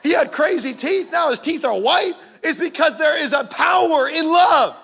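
A man's voice: very high-pitched, animated, moderate pace, creaky, a bit bright. A man preaching a sermon as a pastor, in an impassioned, punchy way.

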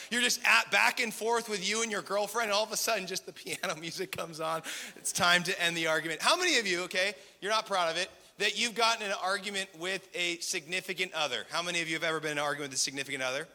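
A man with a fairly high, very bright voice preaches a lively sermon, joking and firing questions at the audience. His voice carries a long hall reverb. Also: fast. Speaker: preacher at a community gathering. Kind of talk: lively sermon with crowd interaction. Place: large hall with live audience.

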